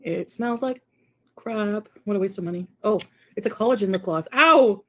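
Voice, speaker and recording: A woman chats straight to her camera in a casual way. She sounds defiant and mocking, and her voice sits at a middling pitch. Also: moderate pace, darkish tone. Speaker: video creator being reacted to.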